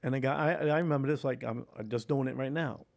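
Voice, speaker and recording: Older man, podcast guest, mid pitch; emotional, animated storyteller, swears. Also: fast talker, creaky. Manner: animated, acts out remembered dialogue. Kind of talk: candid storytelling interview.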